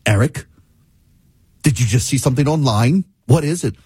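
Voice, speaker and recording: A casual, wry male AI voice assistant, as a man quotes it in his own husky voice. The voice is lively and recorded dry. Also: medium pitch, moderate pace, dry recording.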